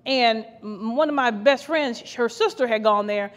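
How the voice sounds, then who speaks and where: A woman's voice: fairly high pitch, moderate pace, dull audio. A woman co-pastor from Ohio preaching a fervent podcast sermon, repeating her phrases and laughing now and then. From Ohio, USA. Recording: long hall reverb.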